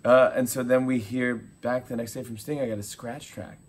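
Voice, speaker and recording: A man in his forties, a talk show host being interviewed, telling animated stories and acting out quotes. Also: mid-range voice, normal speed, a little hiss or hum. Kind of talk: casual interview chat.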